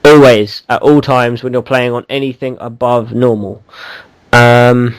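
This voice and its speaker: A man's voice: mid-range voice, steady tone, unhurried, clean tone, dry recording, rough recording. A man co-hosting a casual gaming podcast, rambling and teasing, with lots of ums and restarts. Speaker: podcast co-host.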